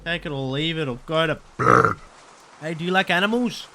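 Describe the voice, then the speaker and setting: A man's voice: on the high side, expressive, moderate pace, bright, forceful tone, slight background noise. A man doing crude, joking let's-play commentary while he plays. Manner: crude, joking, swears a lot. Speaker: gaming YouTuber.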